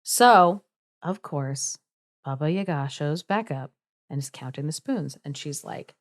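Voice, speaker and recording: A woman's voice: deep voice, expressive, measured pace. A woman podcast host who retells a folktale in a chatty, wry, casual style with comic asides. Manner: chatty, wry, laughs through lines.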